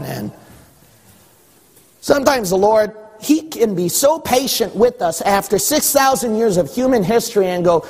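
High-voiced, husky male preacher. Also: lively intonation, normal speed. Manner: emphatic preaching with repetition and rising shouts. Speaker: pastor. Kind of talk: sermon. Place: church. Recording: long hall reverb.

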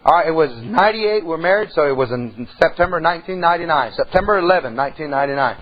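A man's voice: fairly high pitch, lively intonation, fast, dull audio. A middle-aged man, preaching a sermon in a church and telling a personal story in a folksy way. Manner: folksy storytelling preacher, swings from loud to hushed. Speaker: pastor.

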